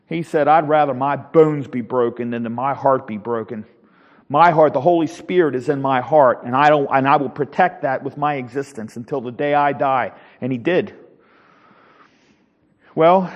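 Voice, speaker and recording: A man with a high-pitched voice delivers a dramatic sermon, rising to loud declarations and dropping to hushed lines as he acts out scripture and shouting crowds. His voice rings with a long hall reverb. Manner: dramatic, swings from loud declaring to low near-whispers. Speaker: preacher.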